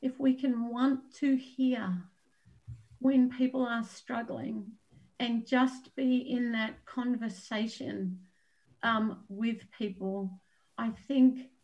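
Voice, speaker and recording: A woman's voice: fairly high pitch, steady tone, takes it slowly, a little mellow, rough recording. A woman co-hosting an online event, speaking in an earnest and open way. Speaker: co-host and organizer. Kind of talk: heartfelt address. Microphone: video call.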